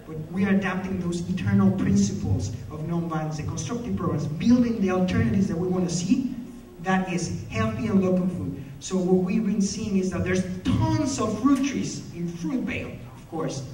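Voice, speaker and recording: At a conference, a man speaks passionately in storytelling mode, using a high, dark-toned voice at a moderate pace. The hall echoes, and the mic sits far away.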